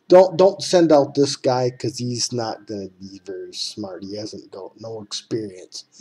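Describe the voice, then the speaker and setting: A man talks slowly and at length, folksy and rambling, as he explains a game on his computer. His voice is mellow and a little husky, and he speaks straight to the listener as if they were next to him. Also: medium pitch. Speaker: game tutorial maker. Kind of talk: casual screen-recorded game tutorial.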